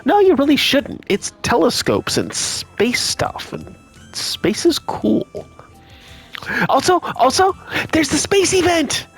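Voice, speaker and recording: A man voicing an excited little girl who begs to be taken out, in a whiny, drawn-out manner. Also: very high-pitched, creaky, faint music behind, pitched above the performer's own voice, exaggerated voice. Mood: pleading.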